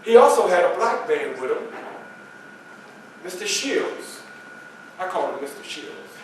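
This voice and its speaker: Frederick Douglass, as a male reenactor plays him on stage, recalls his life in a fairly high voice. He speaks slowly and holds dramatic pauses. The sound comes from far off in an echoey room with faint ambience behind. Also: sing-song, noisy background. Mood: earnest. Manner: storytelling, dramatic pauses, emphatic. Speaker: historical reenactor. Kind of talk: first-person stage monologue. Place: library meeting room, live audience. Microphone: far camera.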